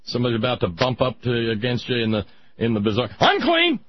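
Sarcastic ranting man, husky voice. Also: mid-range voice, flat delivery, fast talker, dull audio. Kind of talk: opinionated monologue.

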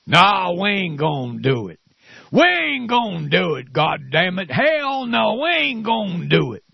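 Man doing a sneering drawling senator, husky, lo-fi. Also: high voice, sing-song, a little slow, dry recording, pitched above the performer's own voice, exaggerated voice. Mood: defiant. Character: jeering mock Southern male senator, defiant.

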